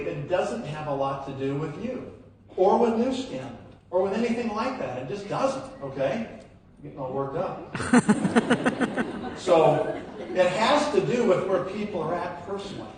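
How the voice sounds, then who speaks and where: A man delivers a rousing motivational talk to a packed hall, his fairly high voice jumping into loud, emphatic peaks as he throws questions at the crowd. The sound comes from a phone somewhere out in the audience, so the voice is distant and washed in heavy hall echo. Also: lively intonation, measured pace, slight background noise. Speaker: motivational speaker at a sales event. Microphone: phone recording from the audience. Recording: echoey hall, phone-streamed from afar.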